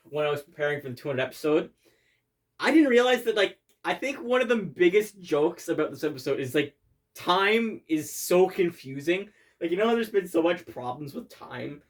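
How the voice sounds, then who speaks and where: A creator with a medium-pitched voice gives casual commentary over their own comedy video, rambling, swearing offhandedly and laughing often.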